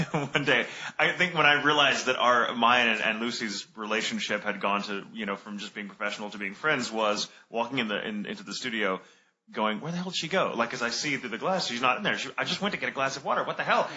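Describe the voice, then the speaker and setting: A man's voice: mid-range voice, fairly quick, lo-fi sound. A man who works as a voice director, chatting casually on a podcast and putting on voices for the people he quotes. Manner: animated, does voices when quoting.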